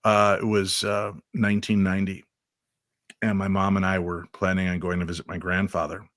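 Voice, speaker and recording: Deep-voiced man telling a story on air. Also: little pitch movement, fairly bright tone, no echo, clean studio sound. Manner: measured, reflective storyteller with hesitant fillers. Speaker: guest, radio host. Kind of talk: personal storytelling in a radio interview.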